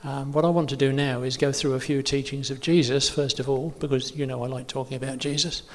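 A man's voice: medium pitch, flat delivery, a little fast. Guy giving a chatty church talk, lots of ums, mid voice, long hall echo. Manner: chatty, self-correcting, many fillers. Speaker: preacher. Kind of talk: informal teaching talk.

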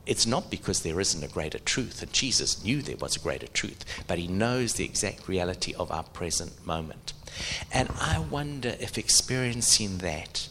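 Middle-aged guy preaching, gravelly bright voice, lively ups and downs. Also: low voice, normal speed, slight background noise. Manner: animated, asks the audience questions. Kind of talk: sermon.

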